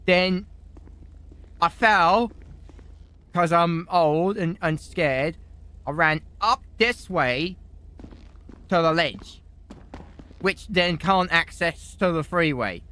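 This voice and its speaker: A man role-playing a defendant giving rambling, excitable testimony in a game courtroom, with sudden shouted outbursts. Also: fairly high pitch, takes it slowly, long pauses, clear, resonant tone. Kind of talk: in-character game role-play.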